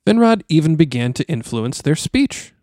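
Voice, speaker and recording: Curious Midwestern podcast co-host. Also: male voice, on the high side, sing-song, moderate pace, a little mellow, no echo, studio quality. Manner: curious, asks questions. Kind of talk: casual chat and retelling.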